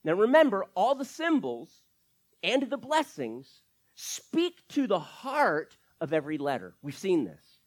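Animated preacher with a lively voice. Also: mid-range voice, unhurried. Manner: animated preaching with rhetorical questions; explains scripture verse by verse. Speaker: pastor. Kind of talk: sermon.

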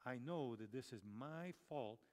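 A man reading the lines of a calm, resigned male prophet in a steady, measured way. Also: medium pitch, lightly acted. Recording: long reverb of a large hall.

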